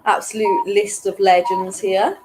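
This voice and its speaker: A woman hosting an online weekly quiz, chatty and laughing at her own jokes, reading each question twice slowly and clearly. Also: mid-range voice, flat delivery, background noise. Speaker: quiz host.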